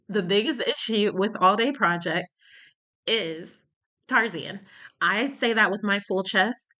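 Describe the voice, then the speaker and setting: A woman's voice: medium pitch, slow, pushed and bright. Rambling woman with a cold. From United States. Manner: rambling, searching for words. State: recovering from a cold, short of breath. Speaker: YouTuber. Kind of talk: casual commentary vlog.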